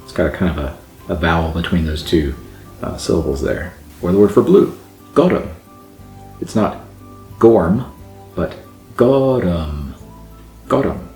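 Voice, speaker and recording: Low-voiced guy casually explaining grammar, slows down to sound out words, roomy echo. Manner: relaxed, sounds out example words slowly. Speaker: language channel host. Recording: echoey room with faint background music.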